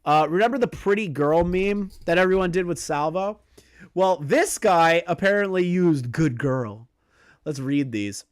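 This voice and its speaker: A young man hosting a casual livestream commentary from his apartment, swearing freely and breaking into loud shrieks of disbelief. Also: high voice, measured pace, clear, resonant tone, no echo, studio quality.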